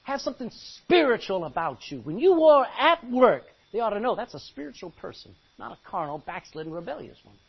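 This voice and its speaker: A man's voice: sits high, big pitch swings, a little fast, creaky, few pauses, slightly rough, lo-fi sound. A man preaching a sermon in an emphatic way, repeating phrases and calling out for amens.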